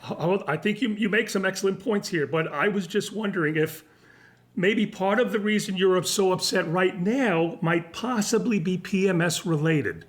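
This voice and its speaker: An actor reading the part of a clueless, defensive husband in a sitcom table read, stammering and wisecracking over a video call. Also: male voice, high voice, normal speed, close to an everyday voice. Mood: sheepish.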